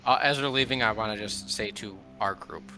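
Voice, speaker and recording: Male tabletop player: bright, sharp voice with playful banter. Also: on the low side, brisk, a little hiss or hum. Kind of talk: tabletop game play.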